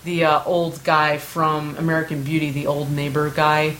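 Low-voiced woman with a faint hiss. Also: little pitch movement, moderate pace, a bit bright, rough recording. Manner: hesitant, full of fillers. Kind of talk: casual storytelling chat.

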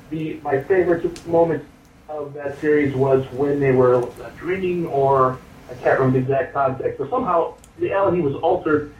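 A man leaving a chatty, rambling voice message full of fillers and restarts. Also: fairly high pitch. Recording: tinny phone message played over a speaker, distant and echoey.

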